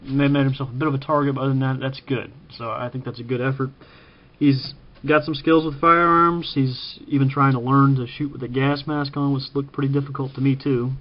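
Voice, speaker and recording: A man from Kansas giving casual spoken commentary, halting with frequent ums and self-corrections. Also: mid-range voice, flat delivery, muffled recording. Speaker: vlogger ranking TV preppers.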